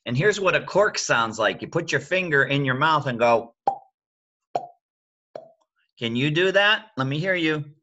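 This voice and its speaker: An older grandfather reads a picture book aloud slowly, his voice bright and rising and falling a great deal as he coaxes little ones to join in. The recording is a little dull and lo-fi. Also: on the high side. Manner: slow, animated, coaxing, makes animal sounds. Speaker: grandfather reading a bedtime story.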